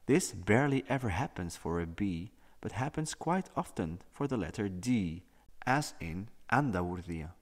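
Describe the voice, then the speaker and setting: A man teaching a language lesson, explaining and slowly demonstrating how each letter sounds. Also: on the low side, sing-song, in a large hall. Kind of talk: educational video lesson.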